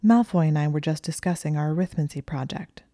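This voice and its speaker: A woman reading the part of a nervous young woman student who sounds flustered and strained, in a low, mellow, dry voice. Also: brisk, no echo, lightly acted. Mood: guarded, tight. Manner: flustered, strained and shrill at times.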